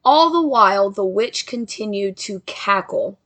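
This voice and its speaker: A young woman tells a ghost story in a relaxed, conversational voice. She drops playful asides to her listeners as she goes, sounding like she is chatting with friends more than reading. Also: medium pitch, a little slow. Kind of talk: casual storytelling narration.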